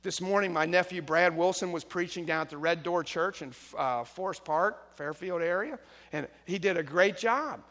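A man preaching a sermon as pastor, swinging from quiet asides to loud emphatic passages. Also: high voice, moderate pace, big-room sound.

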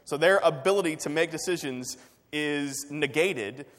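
A man's voice: on the high side, a little slow, a bit bright, big-room sound. A man preaching a sermon, telling a personal story in a conversational way with fillers and restarts. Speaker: pastor.

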